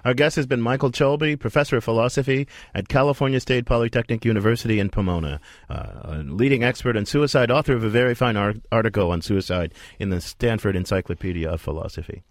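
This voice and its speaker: A man hosting a call-in radio talk show, briskly taking callers and wrapping up segments. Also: medium pitch, no echo.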